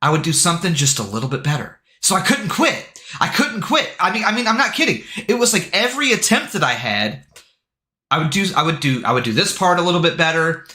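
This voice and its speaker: A man streaming live, telling a story in an excitable way, full of swearing and filler words. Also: fairly high pitch, a little fast. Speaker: game streamer. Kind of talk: casual livestream storytelling. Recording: echoey room.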